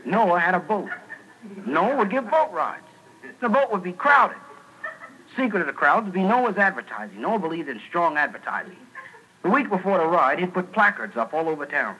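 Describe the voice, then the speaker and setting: A man with a high voice tells a comic tale in jive street talk. It comes through a noisy old radio broadcast. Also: very animated, normal speed, sharp tone. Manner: jive street-talk retelling of a Bible story, shrill put-on screams. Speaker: stand-up comedian. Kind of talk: stand-up storytelling.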